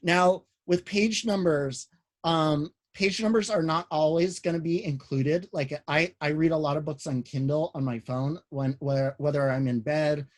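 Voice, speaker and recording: Casual, high-voiced male writing instructor. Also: steady tone, unhurried. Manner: casual, many "um"s and restarts, explains step by step. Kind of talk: online class lecture.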